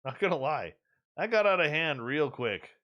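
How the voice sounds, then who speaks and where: A male radio show host in loose, casual chat. He teases and jokes. His voice rises and falls with a lively, swinging intonation. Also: fairly high pitch, normal speed, dull audio. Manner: joking, teasing, animated.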